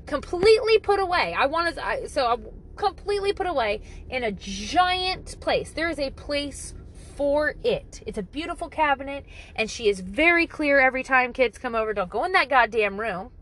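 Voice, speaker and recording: Mom vlogger, high bouncy voice, swears freely, faint hum behind her. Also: big pitch swings, moderate pace, few pauses, fairly bright tone, rough recording. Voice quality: blunt and profane, jokingly exaggerated. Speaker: parent giving parenting advice. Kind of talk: casual monologue to camera.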